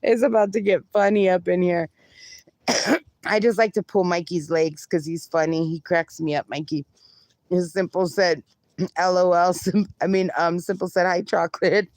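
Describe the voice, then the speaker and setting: A woman's voice: fairly low pitch, fairly even intonation, moderate pace, darkish tone, dry recording. A woman livestreaming, reading viewer comments aloud and bantering with them, laughing often. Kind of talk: casual live-stream chat.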